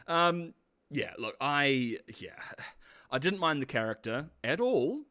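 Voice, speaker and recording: A man's voice: a little high, sing-song, slow, bright, forceful tone. A man giving a casual, sarcastic video review, often laughing, swearing and calling people bro. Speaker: show reviewer.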